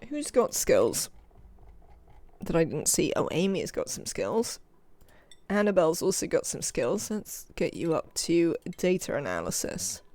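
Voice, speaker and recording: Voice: medium pitch, very animated, a little slow, darkish tone. A UK streamer giving chatty let's-play commentary, thinking aloud and talking to the game's characters. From United Kingdom. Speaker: live game streamer.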